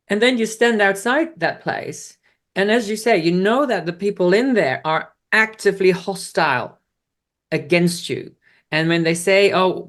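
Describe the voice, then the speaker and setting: A woman interviewer in a casual chat, asking long, rambling questions in a quick, chatty way. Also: fairly low pitch.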